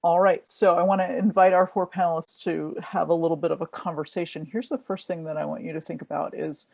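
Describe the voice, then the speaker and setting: Gravelly moderator on a dry mic. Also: mid-range voice, little pitch movement, fairly quick, darkish tone, dry recording. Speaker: panel moderator. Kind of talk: moderating a panel. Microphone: video call.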